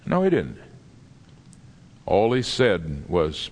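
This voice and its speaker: A male preacher gives an animated sermon, his pitch leaping up and down as he tells stories and stops for dramatic pauses. His voice rings out with a long, hall-like reverb, as if he is recorded in a large church sanctuary.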